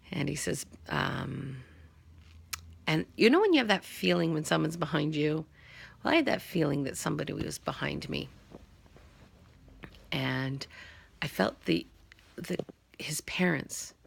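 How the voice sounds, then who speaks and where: A woman vlogger telling a personal story casually, acting out the dialogue and often dropping to a hushed whisper. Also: sits low, big pitch swings, a little slow, vocal fry, long pauses, breathy edge. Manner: often drops to a hushed whisper at tender moments; acts out quoted dialogue in her telling.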